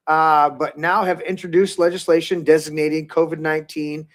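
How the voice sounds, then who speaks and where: Slightly high in pitch with little movement, a male political podcast host speaks at a normal speed. His delivery is loose and rambling, full of swearing and repeated restarts.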